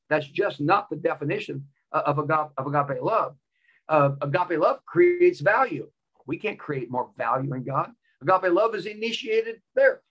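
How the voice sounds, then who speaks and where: A man's voice: fairly high pitch, fairly bright tone, breathy edge, highs cut off. A male preacher delivering a sermon with a personal story, emphatic and repeating key phrases.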